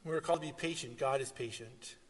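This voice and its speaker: A man preaching a sermon, swinging from loud, animated retellings to quiet, earnest asides. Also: mid-range voice, brisk, husky. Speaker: pastor. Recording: long reverb of a hall.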